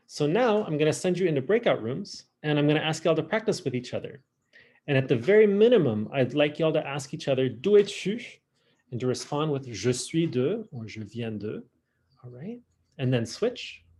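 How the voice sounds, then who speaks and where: A man teaching an online French class, saying y'all and slowly drilling each phrase for his students. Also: on the high side, a little mellow. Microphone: video call.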